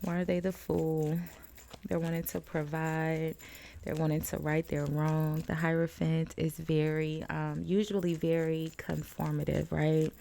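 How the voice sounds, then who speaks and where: A woman with a low, gravelly voice and a dark, mellow tone reads tarot cards in a loose, chatty way. She laughs often and talks to the viewer as "friend.". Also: little pitch movement, measured pace. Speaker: tarot reader. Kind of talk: casual tarot card reading to camera.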